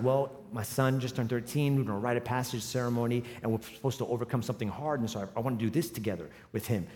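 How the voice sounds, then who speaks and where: A man in his forties preaching a sermon, telling a humorous personal story and building to loud, emphatic runs. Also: mid-range voice. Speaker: pastor. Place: large church hall with live audience. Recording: long hall reverb.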